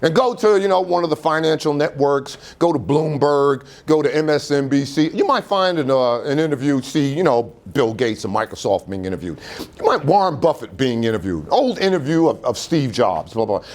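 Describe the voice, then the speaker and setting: Man, motivational speaker, fairly high voice, very lively pitch, rhetorical questions, auditorium talk. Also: moderate pace. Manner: animated preacher-like delivery with rhetorical questions. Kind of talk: motivational speech.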